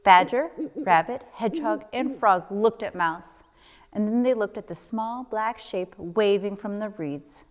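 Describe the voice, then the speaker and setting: A woman's voice: mid-range voice, measured pace, in a large hall. A woman, a nature center coordinator, reading a children's book aloud expressively with sound effects.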